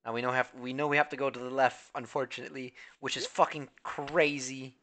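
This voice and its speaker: A man streaming a video game, reacting excitably, swearing a lot and talking to his chat. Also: mid-range voice, brisk. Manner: talks to chat and thanks followers. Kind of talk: live gameplay commentary. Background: faint game music.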